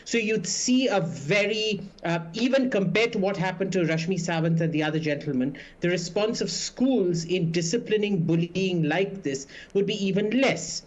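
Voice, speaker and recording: A man's voice: high-pitched, moderate pace, few pauses. A man speaking as a guest on a news panel, indignant and full of hesitant fillers. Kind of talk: remote TV debate commentary.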